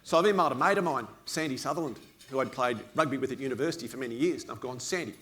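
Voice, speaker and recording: A man's voice: mid-range voice, very fast, fairly bright tone, a little hiss or hum. A middle-aged Australian man telling a funny story to a dinner audience in a dry, self-mocking, conversational way. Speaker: after-dinner speaker. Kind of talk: humorous storytelling speech. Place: dinner event before an audience.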